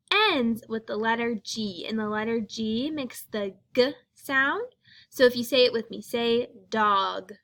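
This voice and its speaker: A woman's voice: fairly high pitch, bright, forceful tone. A woman teaching young children a phonics lesson, speaking patiently and sounding out each letter.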